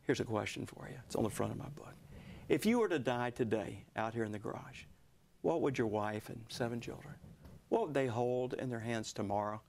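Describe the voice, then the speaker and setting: An older man with a gravelly, creaky voice tells his story with earnest feeling, sometimes sinking to a near whisper. A faint low rumble sits under the recording. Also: brisk. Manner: earnest storytelling, drops to hushed tones. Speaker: guest author. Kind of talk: television interview.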